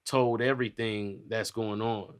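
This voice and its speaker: A man hosting a podcast in casual chat, given to loud joking roasts and bursts of laughter. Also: fairly low pitch, steady tone, a little slow, smooth, dry recording, clean studio sound. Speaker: podcast host.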